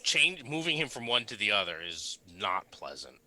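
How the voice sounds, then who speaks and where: A man narrating as game master of a tabletop game, relaxed and rambling with fillers. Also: medium pitch, normal speed, poor audio. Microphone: desk mic on a live stream.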